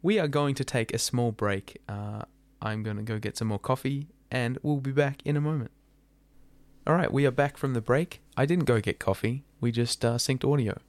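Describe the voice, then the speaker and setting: A man's voice: mid-range voice, moderate pace, no room sound. A man with an Australian accent, hosting a casual podcast chat, often stumbling and restarting his sentences. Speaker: podcast host.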